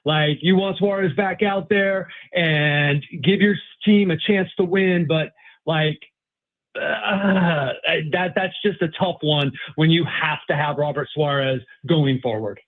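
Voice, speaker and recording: A man's voice: fairly high pitch, a little slow. Rambling man on a tinny phone line. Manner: rambling, hesitant, many restarts and fillers. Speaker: sports columnist guest. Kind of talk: casual sports talk.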